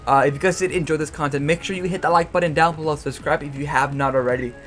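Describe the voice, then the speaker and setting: A young man with a fairly high voice rambles through a casual analysis of his picks. He stumbles, repeats words and cracks self-mocking asides, with music playing softly underneath. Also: steady tone, fast talker. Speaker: YouTuber and league coach. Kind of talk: casual draft analysis commentary.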